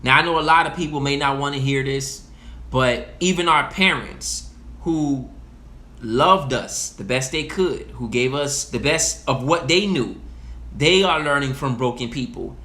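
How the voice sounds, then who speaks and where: A man's voice: mid-range voice, animated, unhurried, pushed and bright. A young man of Haitian heritage giving a passionate, profane monologue that repeats its points. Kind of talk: casual monologue.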